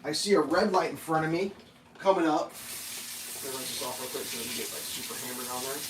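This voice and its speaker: A man telling a casual story while cooking in a home kitchen, animated and acting out quotes and sounds. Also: mid-range voice, quick pace, background noise. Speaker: cooking vlogger.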